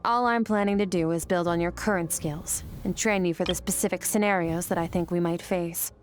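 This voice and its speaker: Woman voicing a stern game sword master, lowish calm voice, measured and matter-of-fact, faint music behind. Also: natural voice. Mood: composed. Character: cool, stern female sword master, young adult. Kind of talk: game voice acting.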